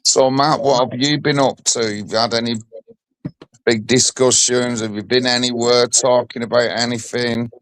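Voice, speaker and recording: A man in casual conversation, asking slow prompting questions. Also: medium pitch, little pitch movement, a bit bright, dry recording. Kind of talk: casual chat.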